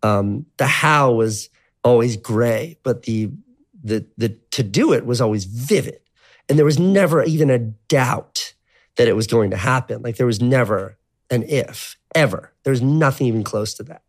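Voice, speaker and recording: A man's voice: medium pitch, lively intonation, normal speed. A man in his thirties telling his life story as an interview guest, rambling and profane, full of "like". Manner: rambling, profane, heavy use of filler "like". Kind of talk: casual storytelling.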